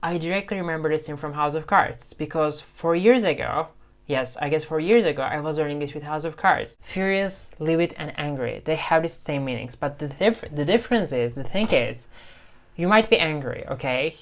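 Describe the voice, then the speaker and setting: A man's voice: fairly high pitch, normal speed. Chatty man giving a casual English lesson. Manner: chatty, repeats phrases with lots of "okay?". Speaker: English-learning YouTuber. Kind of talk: casual teaching to camera. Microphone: phone camera.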